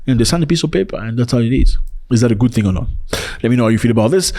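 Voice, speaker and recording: A man from Africa giving reaction commentary in an animated, joking way, his voice leaping high for emphasis. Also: racing, noisy background.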